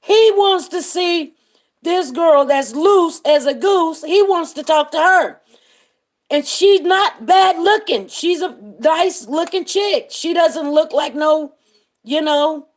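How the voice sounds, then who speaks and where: With a high-pitched voice, a woman hosting a live stream tells a story in a casual, chatty manner, repeatedly stopping to greet viewers by name.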